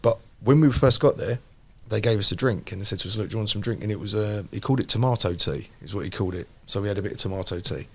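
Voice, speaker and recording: A man, a podcast host telling a lively personal story in casual chat. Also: on the low side, fast talker, vocal fry, few pauses, breathy edge. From London. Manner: animated anecdote teller, repeats phrases for emphasis.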